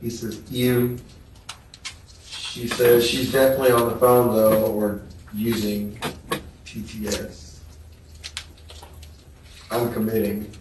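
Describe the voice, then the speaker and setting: A male trial witness reads text messages into the record at a slow, unhurried pace. His voice sits low and barely moves in pitch. The sound is distant and echoey, carried through a large courtroom with a faint hiss behind it. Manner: slow, flat, subdued reading. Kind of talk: reading text messages aloud in testimony.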